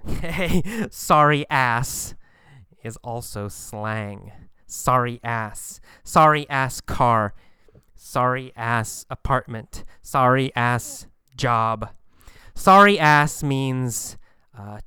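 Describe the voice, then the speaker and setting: A man teaching English slang, explaining slowly and patiently, repeating phrases and acting out quoted lines. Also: medium pitch, bright, forceful tone, smooth, no room sound. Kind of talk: slow explanatory lesson.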